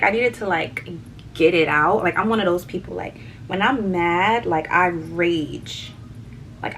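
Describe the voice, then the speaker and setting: A young woman vlogger chatting casually through a story, animated, swearing and repeating words for emphasis. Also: lowish voice, slight background noise, poor audio.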